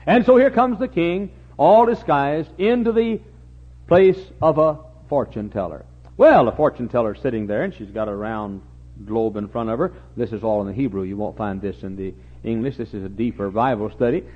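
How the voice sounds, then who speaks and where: A man's voice: medium pitch, normal speed, slightly rough. A man preaching a sermon as a folksy storyteller, with humorous asides and acted-out voices, in a dull lo-fi recording.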